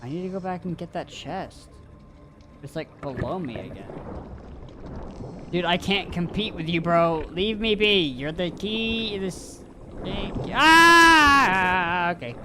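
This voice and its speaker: Excitable, swearing man streaming games. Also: high voice, measured pace. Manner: excitable, swears and yells at the game. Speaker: live streamer. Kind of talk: live gameplay commentary. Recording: noisy stream audio.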